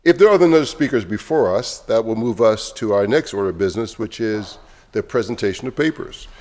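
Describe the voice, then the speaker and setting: A man chairs a city council session, calling speakers and business in a brisk, procedural way. His voice sits fairly low. The room adds a long reverb tail. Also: lively intonation, darkish tone. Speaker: council president chairing meeting. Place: council chamber.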